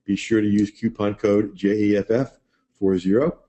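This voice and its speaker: A man's voice: on the low side, fairly even intonation, normal speed, mellow, dull audio. A man hosting a live webinar, chatting loosely and answering viewers' questions by name. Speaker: webinar host.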